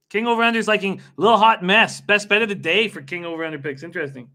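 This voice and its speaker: A young man hosting a casual live stream bets on horse races. Excitable and quick to laugh, he reacts to viewers by name in a high, bright, forward voice.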